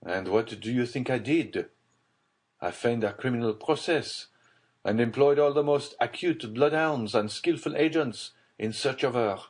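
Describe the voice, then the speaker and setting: For an audiobook, a man gives a desperate middle-aged nobleman a slightly mellow, medium-pitched voice, raised above his own yet close to an everyday sound. He takes his time, speaking with tense, urgent gravity.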